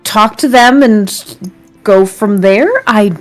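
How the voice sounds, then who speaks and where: A woman's voice: mid-range voice, takes it slowly. A woman playing a tabletop role-playing game, chatting and plotting in casual talk. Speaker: player.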